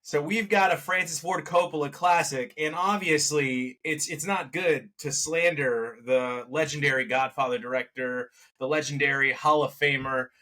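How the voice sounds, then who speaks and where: Bright-voiced man rambling through a movie review. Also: on the high side, normal speed, few pauses. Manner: rambling, animated, with self-corrections and laughs. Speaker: podcast co-host. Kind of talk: casual movie review chat.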